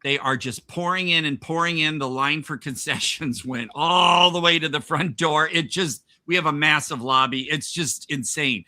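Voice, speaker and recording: A man's voice: fairly high pitch, normal speed, few pauses, sharp tone. A man hosting a podcast, telling a rambling workplace anecdote in casual chat with frequent laughs and restarts. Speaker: podcast host.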